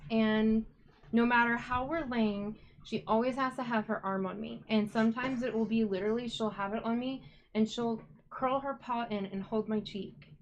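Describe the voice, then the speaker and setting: A chatty, upbeat woman hosts a casual live stream from her home crafting space, greeting viewers by name as she works. Her voice sits a little on the high side. A faint hiss runs under the recording. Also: steady tone, moderate pace, highs cut off. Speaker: yarn dyer hosting a live stream.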